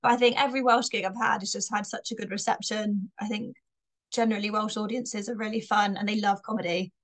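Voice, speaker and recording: A woman's voice: medium pitch, fairly even intonation, a little fast. A young woman from Bristol with a light Bristolian accent, a comedian chatting casually in an interview and laughing often. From Bristol, England. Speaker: comedian guest.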